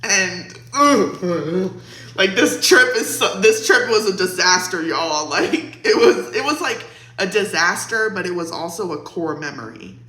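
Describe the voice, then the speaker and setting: Young woman chatting a storytime, bright tense voice, lots of likes, roomy echo. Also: lowish voice, animated, a little slow. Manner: chatty, laughing, lots of fillers like "like". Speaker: vlogger. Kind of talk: casual storytime.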